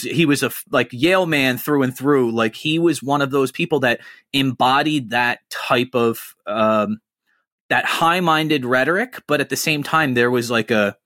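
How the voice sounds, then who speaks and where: A man's voice: medium pitch, a bit bright, no room sound, studio quality. A man hosting a podcast in casual chat, rambling, swearing freely and breaking into impressions. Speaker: podcast host.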